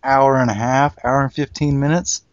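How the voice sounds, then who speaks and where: A man hosting a casual hobby podcast chat in a relaxed, joking way. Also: mid-range voice, moderate pace, dull audio. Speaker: podcast host.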